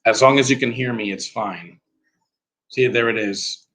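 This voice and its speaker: A man's voice: medium pitch, measured pace, a bit bright, low-quality recording. Man ranting through a live movie commentary. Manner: rambling, opinionated, blunt.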